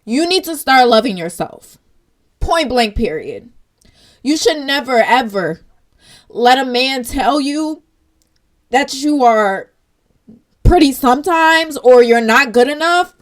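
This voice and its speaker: Brief: young woman vlogger, earnest and direct, slightly high voice. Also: animated, slow, pauses often. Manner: earnest, direct, tearful at times. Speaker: vlog host. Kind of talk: emotional commentary vlog.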